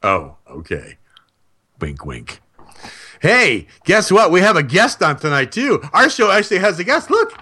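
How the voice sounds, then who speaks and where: A man's voice: sits high, wildly swooping pitch, measured pace, bright, forceful tone, slightly rough. A man co-hosting a talk radio show, joking and teasing in casual banter.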